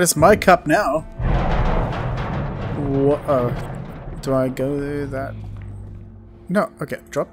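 Male let's-play host, playful and jokey, lively voice, faint music behind. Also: a little high. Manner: playful, laughs often, jokes at the game. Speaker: gaming channel host.

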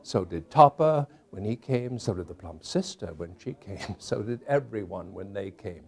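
A man narrating a classic holiday tale in a theatrical, expressive storytelling style. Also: lowish voice, moderate pace, creaky. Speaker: actor and narrator.

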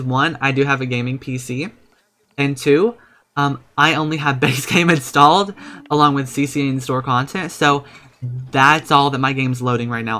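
Bright-voiced, excitable young man. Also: mid-range voice. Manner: excitable, with sudden gasps and squeals; chatty and profane, talking straight to viewers. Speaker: let's play creator. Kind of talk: casual gameplay commentary.

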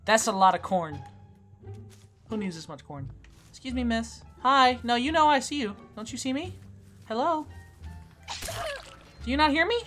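A woman giving casual commentary on her own gameplay, playfully taunting the other players and swinging from quiet mutters to loud squeals. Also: fairly high pitch, animated, moderate pace, pauses often, faint music behind. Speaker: gaming YouTuber.

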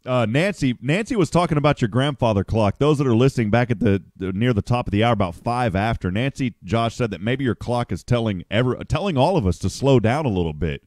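A man's voice: medium pitch, lively intonation, fairly quick, few pauses, darkish tone, dry recording, clean studio sound. A man hosting a casual morning radio show, chatty and upbeat, greeting listeners by name.

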